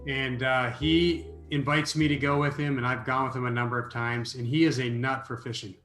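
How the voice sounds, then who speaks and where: Animated storytelling man, roomy sound. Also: medium pitch, fairly quick, faint music behind. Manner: animated storyteller, repeats words when starting. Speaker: interview guest, author. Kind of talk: storytelling in a podcast interview.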